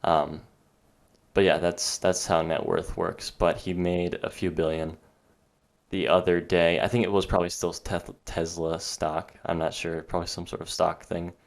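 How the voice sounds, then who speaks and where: Deep-voiced man ranting on a podcast. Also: level tone, normal speed, gravelly. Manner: rambling, sarcastic, exasperated. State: out of breath. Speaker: podcast host. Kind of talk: solo podcast rant.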